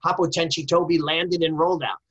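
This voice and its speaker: Middle-aged guy, husky voice, kinda high, tells training stories all fired up. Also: a little fast, highs cut off. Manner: emphatic, animated storyteller. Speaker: martial arts instructor, guest. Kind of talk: storytelling conversation.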